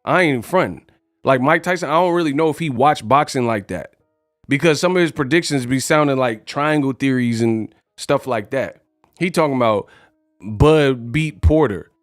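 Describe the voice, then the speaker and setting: A man's voice: medium pitch, moderate pace, no echo. A young man hosting a casual boxing news vlog, talking in brash, slangy trash talk. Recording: dry voice with faint music.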